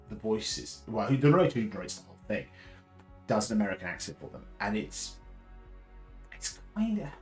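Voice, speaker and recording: Southern english bloke, deep baritone, chatty and rambly, voice goes up and down a lot, faint music behind. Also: male voice, poor audio. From Southern England. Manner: rambling, many fillers and restarts. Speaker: host. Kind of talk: casual live chat.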